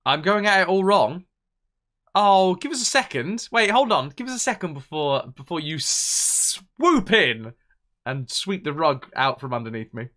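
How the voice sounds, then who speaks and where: Lively, bright-voiced streamer. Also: male voice, high-pitched, normal speed. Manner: chatty, thinks aloud and reads out viewer messages. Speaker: game streamer. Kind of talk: casual live-stream chat.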